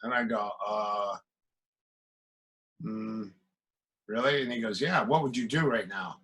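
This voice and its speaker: A man's voice: fairly low pitch, measured pace, a bit bright, slightly rough, low-quality recording. A middle-aged man from the American Midwest, a martial arts coach telling stories as a podcast guest and acting out quoted exchanges. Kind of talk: casual storytelling.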